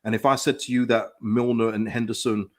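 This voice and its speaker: Male streamer, casual and excitable, reads chat comments aloud, laughs a lot. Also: medium pitch, brisk. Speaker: live-stream football watchalong host. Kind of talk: casual live reaction chat.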